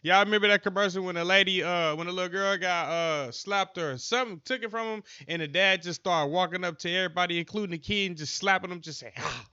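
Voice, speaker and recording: Man, reaction host, bright sharp voice with quick wry remarks, fairly high. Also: smooth, no echo, muffled recording. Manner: short wry interjections, laughing asides. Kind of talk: casual reaction commentary.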